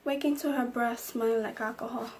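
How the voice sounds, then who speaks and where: A woman's voice: fairly high pitch, steady tone, a little fast, very noisy. A young woman vlogger telling an emotional personal story, acting out the lines of the people in it. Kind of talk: storytime vlog.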